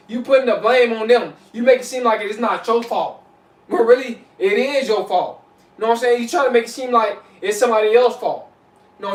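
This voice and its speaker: Echoey casual man giving spiritual advice. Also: high-pitched. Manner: loose, repetitive, keeps saying "you know what I'm saying". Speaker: vlogger. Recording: echoey room, mic at a distance.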